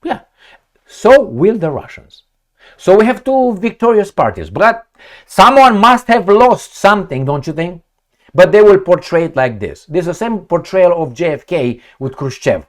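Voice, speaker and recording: A man's voice: high-pitched, moderate pace. A man giving a sarcastic, profane political monologue to his audience. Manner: animated, sarcastic, profane, mocking put-on quotes. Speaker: political commentator. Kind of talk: opinionated solo monologue.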